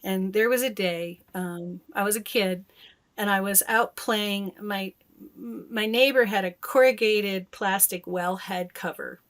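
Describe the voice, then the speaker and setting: A woman from Michigan, a guest on an interview podcast, telling stories in an animated way, laughing often and acting out what people said. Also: mid-range voice, a little slow. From Michigan, USA. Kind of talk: casual interview storytelling.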